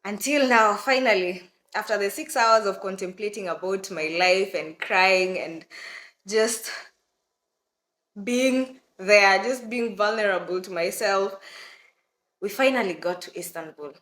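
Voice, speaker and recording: A young woman from Kenya telling a story to her viewers in a lively, dramatic way, often breaking into laughter. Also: mid-range voice, unhurried, echoey room. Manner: animated, dramatic retelling with laughter and mock crying. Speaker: vlogger. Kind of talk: casual storytelling to camera.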